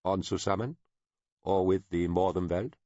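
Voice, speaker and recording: A man's voice: low voice, steady tone, moderate pace, mellow, no echo, dull audio, voice pushed up, close to an everyday voice. A man doing a fidgety, apologetic envoy. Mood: awkward. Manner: hesitant, apologetic. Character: nervous bashful middle-aged male ship envoy.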